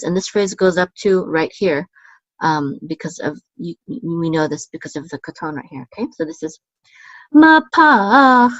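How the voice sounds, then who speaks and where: Woman teaching Hebrew chant marks, lo-fi. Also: no echo. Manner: chants the marks and words higher and slower, explains at a quick low murmur, many ums. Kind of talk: casual teaching, chanting trope words.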